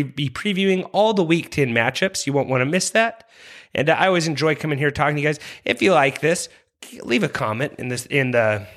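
A man's voice: medium pitch, a bit bright. A young man hosting a fantasy football podcast, talking with passion, rambling and apologizing for going on too long. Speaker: podcast host. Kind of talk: fantasy football rankings talk.

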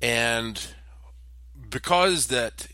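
A man from North Carolina with a North Carolina accent, telling a relaxed, rambling anecdote with asides as a vlog host. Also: medium pitch, extremely slow, dry recording. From Asheville, North Carolina. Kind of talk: casual storytelling monologue.

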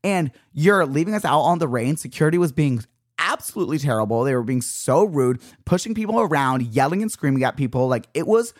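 A young man hosting a solo podcast, telling a story in a dramatic, exasperated rant with sudden jumps in pitch. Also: animated, brisk, dry recording, clean studio sound. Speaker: podcast host.

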